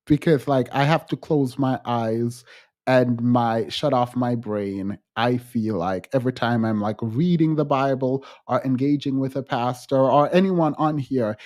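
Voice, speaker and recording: A man hosting a livestream, talking frankly to his chat in halting restarts and growing emphatic when he quotes others. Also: medium pitch, a little mellow. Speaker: livestream host. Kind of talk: livestream chat answering viewers.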